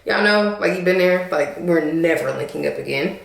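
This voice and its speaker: A young woman telling a storytime to camera in an animated, sassy way, talking straight to her viewers. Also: lowish voice, moderate pace, gravelly. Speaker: vlogger. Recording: echoey room.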